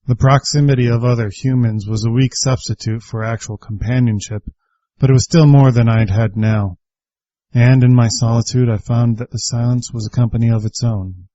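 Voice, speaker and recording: A man narrates a first-person story with a warm, mellow voice. His delivery is reflective and wry. The recording is dry and a bit dull. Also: mid-range voice, fairly even intonation, moderate pace, no room sound.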